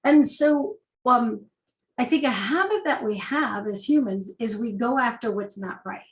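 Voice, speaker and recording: A woman's voice: a little high, animated, measured pace, roomy sound, rough recording. A woman, an agile coach, giving a conversational talk with rhetorical questions. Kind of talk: presentation talk.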